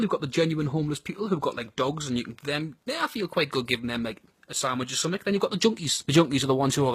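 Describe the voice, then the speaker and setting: A man's voice: on the high side, fairly bright tone, slightly rough, no room sound. A man with a Geordie accent giving a crude, blunt and sardonic comic monologue about his home city. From North East England.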